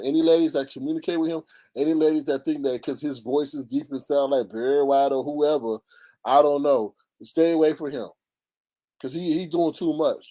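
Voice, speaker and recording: A man hosting a casual gossip commentary, animated and mocking, often jumping into high squeals. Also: no room sound. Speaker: YouTube commentary host.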